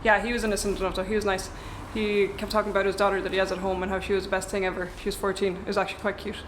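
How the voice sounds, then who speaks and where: A woman's voice: mid-range voice, level tone, rapid-fire, a little hiss or hum. A young woman, a travel vlogger chatting casually to camera in a rented apartment, rambling and wry.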